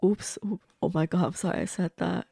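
Gravelly lady doing a casual movie reaction, blunt and gushy, dry close sound. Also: fairly low pitch, brisk, dark tone, no room sound. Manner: gushing, blunt, talks back to the screen. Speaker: movie reviewer.

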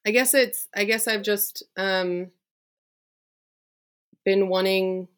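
A woman's voice: mid-range voice, steady tone, slow, fairly bright tone, smooth. A woman business coach, a podcast guest, talking casually and eagerly with lots of fillers. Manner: chatty and enthusiastic, many "like" fillers. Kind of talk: casual conversational interview.

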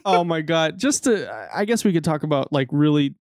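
A man's voice: a little high, lively intonation, a little fast, darkish tone, no room sound, studio quality. A man co-hosting a podcast, telling stories in a casual, profane, laughing way. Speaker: podcast co-host. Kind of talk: casual chat.

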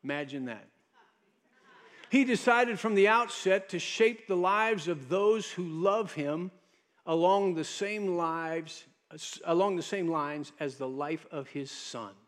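A man's voice: sits high, slow, a bit bright. A male pastor preaching a sermon, emphatic and repeating words for stress.

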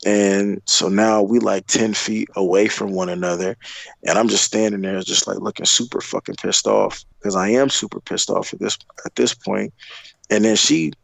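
A man's voice: gravelly, dry recording, rough recording. A young man telling a dating story in a casual, profane, rambling podcast chat, full of fillers and restarts. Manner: acts out his own heated replies in a higher voice.

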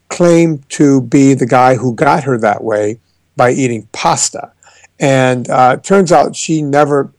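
A man's voice: mid-range voice, dry recording. A man, a fitness trainer and author, telling stories in a casual podcast interview with emphatic, joking delivery. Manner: animated storyteller, emphatic and joking.

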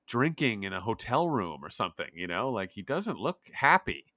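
Guy talking golf casually, lots of likes and you knows, bright tone. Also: on the low side, sing-song, normal speed, no room sound, studio quality. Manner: rambling, lots of filler words. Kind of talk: casual chat about golf.

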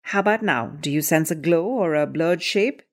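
Woman as a steady male doctor, storybook reading, firm, measured, low-pitched. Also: close to an everyday voice.

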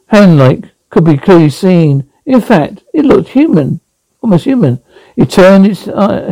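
Gravelly male audiobook narrator. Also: on the high side, dark tone, no room sound, poor audio. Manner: stumbling, self-correcting reading. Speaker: audiobook reader.

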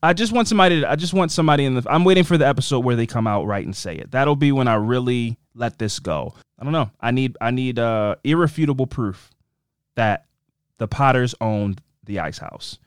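A man hosting a podcast in casual chat, rambling and animated as he interrupts himself. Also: mid-range voice, fairly quick, clean tone, no echo, clean studio sound. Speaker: podcast host.

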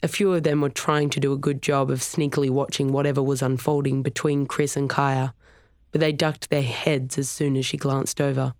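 A narrator giving a steady, measured scripted reading of a novel. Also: medium pitch, no echo, studio quality. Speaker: audiobook narrator.

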